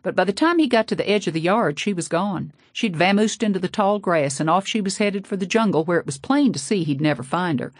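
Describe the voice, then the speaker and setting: Low-voiced woman, folksy narration. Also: brisk, hardly any pauses, dry recording, clean studio sound. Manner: folksy, sassy first-person storytelling. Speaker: audiobook narrator. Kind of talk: scripted narration.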